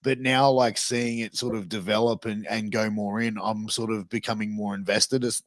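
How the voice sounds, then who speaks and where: A man's voice: on the low side, steady tone, moderate pace, dry recording, studio quality. A man co-hosting a wrestling review podcast in casual chat, laid-back and swearing casually. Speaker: podcast co-host.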